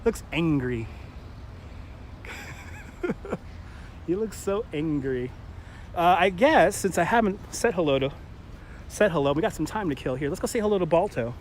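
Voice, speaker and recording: A talkative man with a New York accent and a somewhat high voice hosts a live walking tour, joking and greeting viewers as he strolls. He is recorded outdoors on a handheld mic, with faint city noise behind him. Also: lively intonation, normal speed, long pauses. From Brooklyn, New York. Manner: chatty, jokey, laughs often, greets viewers. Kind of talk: casual live-stream tour narration.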